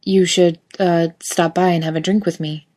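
A woman's voice: fairly low pitch, level tone, normal speed, warm tone, close to an everyday voice. Brief: woman reading as shy male office worker, awkward, hesitant.

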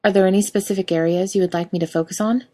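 A woman's voice: mid-range voice, fairly even intonation, rapid-fire, warm tone, natural voice. A woman voicing a cheerful young male masseuse, eager and soothing in a storybook reading.

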